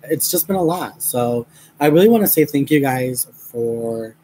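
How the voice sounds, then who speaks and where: The crafting vlogger, a young man, talks expressively at a medium pitch and measured pace in a mellow voice, recorded at low quality with a little hiss or hum. He has a headache and brings it up as he rambles to viewers mid-craft, full of fillers and frequent laughter.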